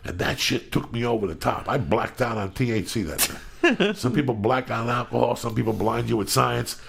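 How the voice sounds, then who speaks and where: A middle-aged man hosting a podcast, ranting in a loud, profane, rambling way, with a stuffy nose. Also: mid-range voice, expressive, a little fast, creaky, breathy edge. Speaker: podcast host. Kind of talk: profane casual podcast rant.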